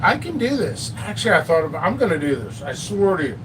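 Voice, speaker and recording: A man's voice: high voice, very animated, fairly quick, distant mic, noisy background. A man hosting a casual live stream about peppers and hot sauce, rambling and joking at his own expense. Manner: rambling, joking, self-mocking.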